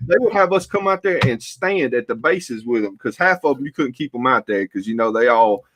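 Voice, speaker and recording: A man's voice: mid-range voice, lively intonation, brisk, a bit bright, no room sound. Male co-host, 30s, emphatic storyteller, casual barbershop banter. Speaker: podcast co-host.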